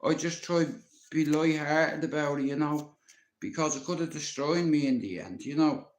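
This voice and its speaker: A man's voice: a little high, normal speed. A Dublin man in his fifties telling stories casually on a live stream, rambling and swearing with plenty of "you know". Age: 50s. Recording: roomy echo.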